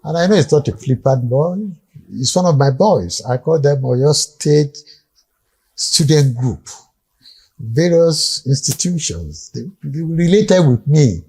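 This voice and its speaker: A man's voice: on the high side, lively intonation, slow pace, darkish tone, slightly rough. An older man with a Nigerian accent, a guest recounting past events in vivid storytelling and acting out the dialogue. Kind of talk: storytelling reminiscence.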